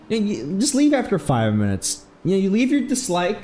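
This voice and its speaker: A man chats casually while streaming a game, wandering from story to story. His pitch moves a lot, and he jumps into loud, excited yelps when something catches his eye. Soft game music plays faintly underneath. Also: fairly quick, few pauses. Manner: rambling, animated, exclaims loudly when excited. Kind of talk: casual let's-play chat.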